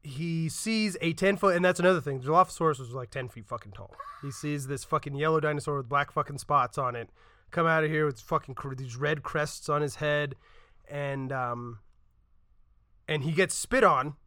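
A man's voice: a little high, normal speed, pushed and bright, no room sound, studio quality. A man co-hosting a podcast, retelling scenes in a casual, profane way and acting out quotes as he goes. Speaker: podcast co-host. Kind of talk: casual chat.

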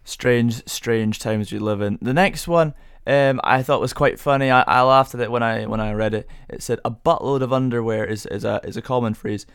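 A man's voice: medium pitch, normal speed, hardly any pauses, smooth, no echo, clean studio sound. A young man hosting a casual solo podcast, rambling through rhetorical questions with self-amused musing. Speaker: podcast host.

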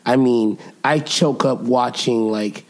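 A man's voice: medium pitch, slow pace, a little mellow. A man co-hosting a laid-back podcast, talking in a loose, slangy way. He teases his co-host playfully and keeps the banter going. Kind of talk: casual chat.

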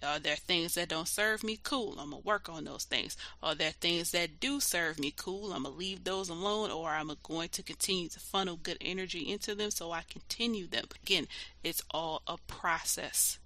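A solo podcast host with a bright, forward voice talks straight at the listener. The delivery is loose and casual, with swearing throughout and plenty of filler words. The host pushes hard and gets heated when stressing a point. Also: mid-range voice, moderate pace. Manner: blunt and profane, heated and emphatic; loose conversational filler talk.

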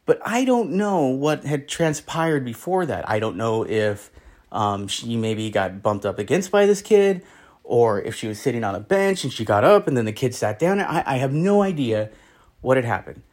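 A man's voice: mid-range voice, animated, moderate pace, darkish tone. A man hosting a podcast, talking through a news story in a rambling, opinionated way and acting out what people said. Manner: rambling, opinionated, acts out quotes. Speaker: podcast host. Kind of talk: casual commentary monologue.

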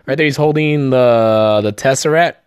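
A man's voice: medium pitch, normal speed, smooth, dry recording, clean studio sound. A man hosting a podcast, breaking down a movie trailer in a casual, joking and profane way, often tripping over his words. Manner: excited, jokey, profane, stumbling over words. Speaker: podcast host.

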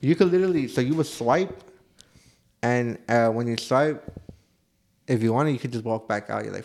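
A man's voice: medium pitch, normal speed, pauses often. Young man telling stories, swearing, laughing. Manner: animated storytelling, swears often, laughs through punchlines. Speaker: podcast co-host. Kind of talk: casual chat.

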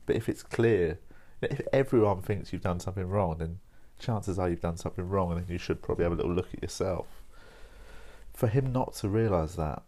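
A man's voice: deep voice, fairly quick, warm tone. A young man rambling casually over coffee, informal and sweary, dropping "mate" and "like" as he talks. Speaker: podcast host.

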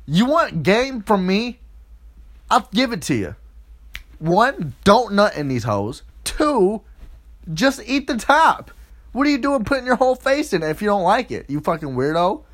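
A man with a high voice rants through a crude comic monologue, his pitch swinging all over the place. His tone is profane and mocking, and he keeps jumping into quoted voices. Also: fairly bright tone. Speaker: podcast host.

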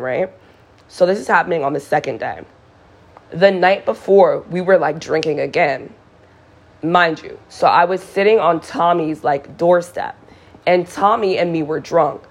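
Blunt, profane young woman telling a story. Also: on the low side. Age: young adult. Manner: blunt, profane, dramatic retelling. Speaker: vlogger. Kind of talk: casual storytime.

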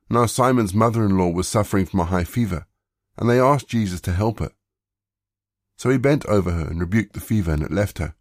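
A man reading scripture aloud in a calm, measured way as he leads a daily devotion. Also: fairly low pitch, dry recording, studio quality.

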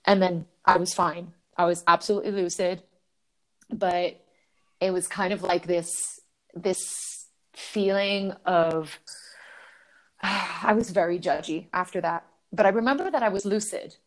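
A woman's voice: on the low side, fairly even intonation, unhurried. A woman talks casually as a podcast guest, telling a personal story with lots of energy. She laughs easily and swears without fuss. She keeps slipping into voicing her own thoughts in quotes.

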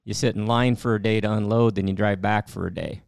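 A man's voice: fairly low pitch, fairly even intonation, quick pace, creaky, darkish tone, clean tone, no room sound, clean studio sound. A man hosting a casual interview, asking rambling questions and restarting them often. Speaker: host.

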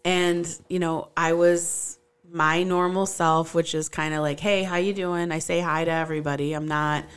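A woman co-hosting a podcast, chatting casually and telling stories with quick asides and laughs. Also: deep voice, little pitch movement, clear, resonant tone. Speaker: podcast co-host and stand-up comic. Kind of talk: casual chat.

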